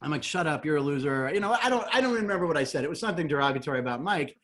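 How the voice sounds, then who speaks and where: Middle-aged male comic, slightly high-pitched, lively anecdotal delivery. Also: racing. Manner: animated storyteller, acts out quotes, laughs often. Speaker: guest, comedian and game show host. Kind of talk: casual interview storytelling.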